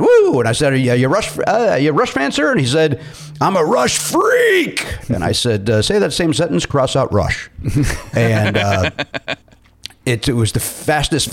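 A man hosting a comedy podcast, mock-bossy and rambling, full of fillers and restarts. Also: mid-range voice. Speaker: podcast host.

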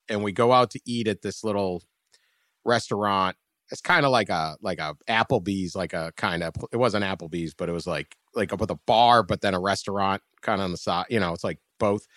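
A man telling a personal story in casual podcast chat, laid-back and rambling, and louder when he reaches the punchlines. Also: fairly low pitch, dry recording, clean studio sound.

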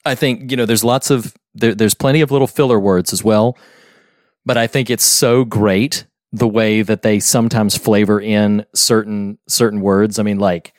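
A man co-hosting a casual movie podcast, animated, laughing often and acting out quotes. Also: on the low side, normal speed, no echo, studio quality. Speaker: podcast co-host. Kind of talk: casual movie review chat.

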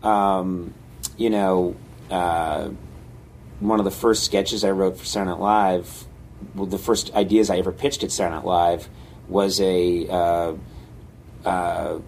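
A man's voice: low voice, flat delivery, unhurried, darkish tone, a little hiss or hum, low-quality recording. A man telling stories in casual conversation, rambling with many fillers. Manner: rambling, filler-heavy storytelling. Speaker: comedy writer and guest.

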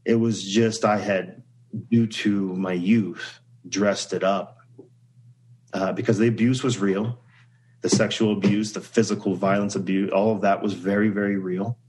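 A man's voice: lowish voice, little pitch movement, a little slow, a little mellow, rough recording. A man speaking as a podcast guest in casual conversation, reflective and earnest, often telling stories.

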